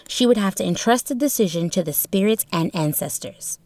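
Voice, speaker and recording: A woman narrates a novel chapter in a steady, expressive reading voice. Her pitch sits in the middle range. The recording is close and dry. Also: fairly quick, dry recording. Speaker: audiobook narrator. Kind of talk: storybook narration.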